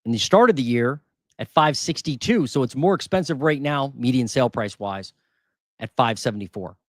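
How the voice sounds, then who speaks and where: Hosting a housing market channel, a man talks casually through market figures, thinking aloud and repeating numbers as he reads. His mid-range voice is animated at a moderate pace, in a dry, clean studio recording.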